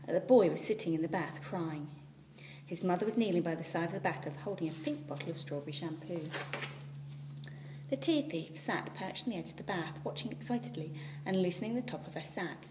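A woman teacher reading a children's storybook aloud, expressive and at times dropping to a whisper. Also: fairly low pitch, brisk. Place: school classroom. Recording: echoey room, far from the mic, faint hum.

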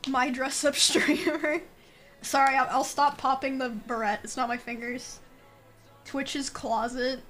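Young woman, streamer, high voice, unhurried pace, casual chat, laughs at her own ideas. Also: little pitch movement, a bit bright, faint music behind. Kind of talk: casual chat, thinking aloud.

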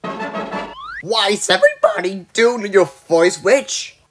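A woman voicing a husky cartoon witch. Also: mid-range voice, wildly swooping pitch, slow pace, over music. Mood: scheming. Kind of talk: cartoon voice acting.

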